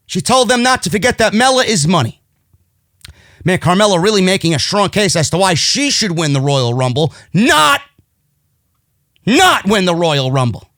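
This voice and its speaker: A man's voice: high voice, a bit bright, no room sound, clean studio sound. A man with a New York accent recapping a wrestling show in a sarcastic, exasperated rant, swearing often. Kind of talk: profane ranting show recap.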